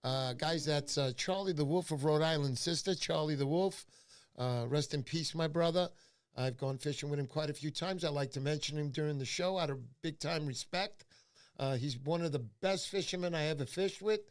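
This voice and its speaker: A man's voice: fairly high pitch, moderate pace. A man hosting a casual fishing livestream, talking loosely with lots of fillers. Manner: rambling storyteller with many fillers. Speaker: livestream host. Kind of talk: casual live-stream chat.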